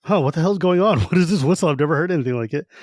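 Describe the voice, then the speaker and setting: A man's voice: fairly high pitch, lively intonation, very fast, a little mellow, dry recording, clean studio sound. A man voicing a curious, bewildered male kender who is puzzled and indignant.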